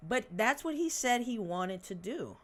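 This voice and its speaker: With a medium pitch, big swings in intonation and a measured pace, a podcast host reads out news articles and mocks them. His casual commentary is sarcastic and laced with profanity.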